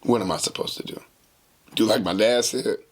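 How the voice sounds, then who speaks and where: A man hosting a podcast, telling a casual story in a slangy, animated way and acting out the dialogue. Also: fairly low pitch, normal speed, breathy edge. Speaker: podcast host.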